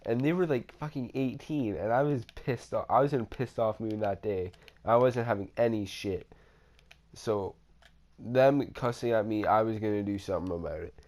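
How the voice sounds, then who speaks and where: A man's voice: on the low side, moderate pace, darkish tone. A man casually telling a personal story over gameplay footage, rambling and swearing, with frequent restarts and fillers. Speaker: storytime vlogger.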